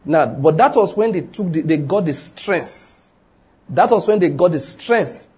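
A man's voice: a little high, darkish tone, husky. A man with a Nigerian accent preaching a sermon, emphatic and full of rhetorical questions, acting out the people in his story.

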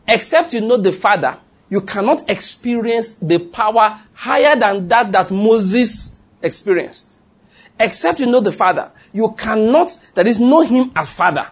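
A man's voice: high-pitched, expressive, measured pace, slightly rough. A man preaching a sermon, teaching with emphatic repetition and reading scripture aloud.

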